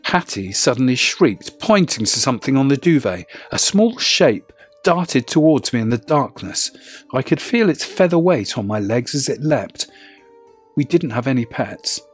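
A man narrating a first-person horror story in a measured, low-key way. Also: sing-song, breathy edge, faint music behind.

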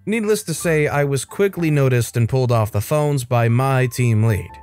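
A man's voice: mid-range voice, moderate pace, a little mellow. A man narrating Reddit stories as a scripted read, adding his own comments between them. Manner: reads stories aloud with brief commentary. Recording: faint music behind.

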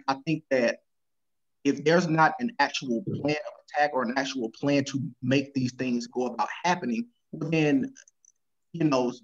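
A man answering as a panelist over a video call, earnest and measured. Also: mid-range voice, highs cut off. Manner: earnest, with many fillers and restarts.

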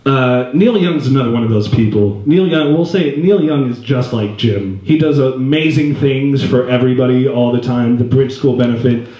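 A man's voice: mid-range voice, normal speed, hardly any pauses, dark tone. A man in his twenties doing stand-up comedy in a live venue, rambling and self-deprecating, jumping into voices. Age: 20s. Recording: roomy stage sound.

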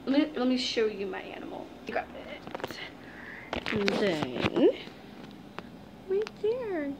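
Giggly high-voiced young woman vlogger. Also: huge pitch swings, unhurried, very noisy. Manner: gushing, giggly, talks to viewers as "guys". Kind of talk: casual unboxing vlog.

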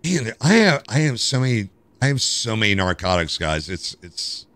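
There's no echo on this fairly low-pitched American man's voice as he streams a game at a moderate pace. His commentary is animated and jokey, with plenty of complaining directed at chat.

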